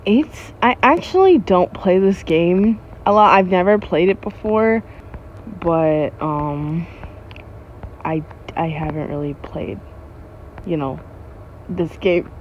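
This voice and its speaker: A woman's voice: mid-range voice, dull audio, slight background noise. A woman YouTuber giving casual gameplay commentary, jumpy and giggly with frequent startled exclamations.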